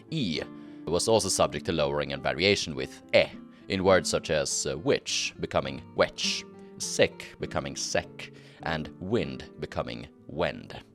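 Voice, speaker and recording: A man with a Scandinavian accent giving scripted documentary narration, measured and explanatory, slowing down to pronounce example words. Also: rumbling low. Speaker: history video narrator.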